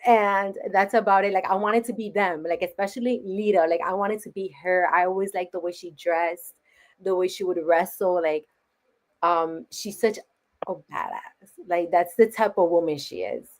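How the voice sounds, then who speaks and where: A woman with a slightly low voice answers interview questions with eager energy. She chats loosely, laughs often and sprinkles "like" through her sentences. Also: normal speed. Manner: enthusiastic, laughs often, fills with "like". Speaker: interview guest, wrestling fan. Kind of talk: casual interview chat.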